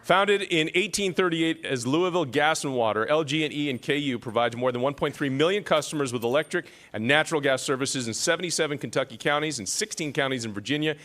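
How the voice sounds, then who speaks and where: A man's voice: a little high, quick pace, few pauses, a bit bright. A man emceeing an awards ceremony, reading citations with self-deprecating joking asides.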